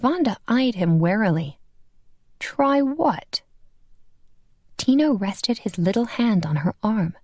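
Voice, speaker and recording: A woman narrating a romance audiobook in an expressive, scripted style. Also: medium pitch, normal speed, few pauses, no echo, studio quality. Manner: expressive, voices every character.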